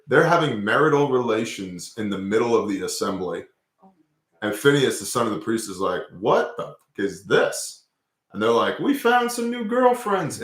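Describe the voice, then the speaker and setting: Casual, swearing man in an echoey room. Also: on the low side. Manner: casual, profane, animated storytelling. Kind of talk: casual scripture discussion.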